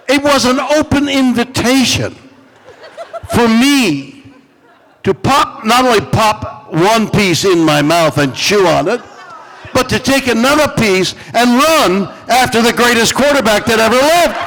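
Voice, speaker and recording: A man in his eighties, a celebrity guest at a fan convention, tells stories with dramatic pauses and playfully teases fans. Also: extremely high pitch, expressive, a bit bright, a faint crowd, slight background noise. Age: 80s. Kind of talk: animated storytelling on stage. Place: large convention hall. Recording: long hall reverb from a convention stage.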